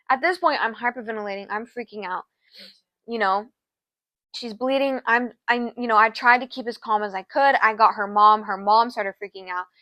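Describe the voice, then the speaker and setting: A woman's voice: fairly high pitch, pushed and bright, no echo. A young adult woman co-hosting a podcast, telling a personal story in an earnest, emotional way and acting out other people's words. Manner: earnest, emotional, acts out quoted voices. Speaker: podcast co-host.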